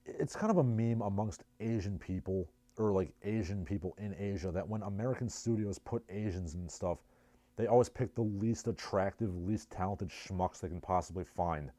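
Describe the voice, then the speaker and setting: A man's voice: deep voice, moderate pace, mellow, no echo. A man with a New Jersey accent hosting a casual livestream, reading chat messages and riffing with sardonic, rambling asides. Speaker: livestream host.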